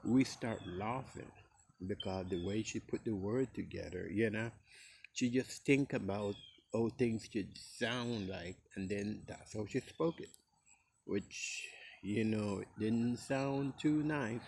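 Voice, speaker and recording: A man's voice: lowish voice, slow, gravelly, a little mellow, slight background noise. A middle-aged man from Costa Rica with a Costa Rican Caribbean Creole English accent, rambling easily in a casual recorded message. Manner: rambling and easygoing, with many fillers. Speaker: speaker sending a recorded message to a friend.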